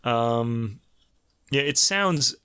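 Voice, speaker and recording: A man's voice: medium pitch, animated, drawn-out words, pushed and bright, smooth, no echo, clean studio sound. Chatty New York man reviewing piano music. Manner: conversational, chatty, many fillers and restarts. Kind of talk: casual spoken album review.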